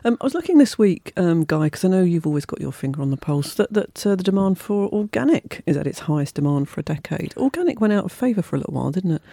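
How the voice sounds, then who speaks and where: Woman, radio host, quick, gravelly, mellow tone, dry studio sound. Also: fairly low pitch, no room sound. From South London. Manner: chatty, teasing, animated. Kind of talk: casual radio chat.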